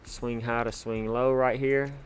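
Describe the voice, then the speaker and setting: A man hosting a casual livestream, chatty and excitable, with lots of fillers, shout-outs and sudden bursts of hype. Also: medium pitch, measured pace, a little hiss or hum. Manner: hyped, chatty, full of fillers. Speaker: livestream host.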